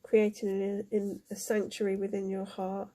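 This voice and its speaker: A woman giving a spiritual card reading, emotional and halting, with many fillers. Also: mid-range voice, completely flat delivery, warm tone. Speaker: tarot card reader.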